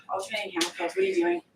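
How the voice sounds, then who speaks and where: In an echoey room with a distant mic and faint background noise, a woman fitness coach leads a live workout. Her mid-range voice is very animated and fast, and she jokes and swears while breathing hard from exercising.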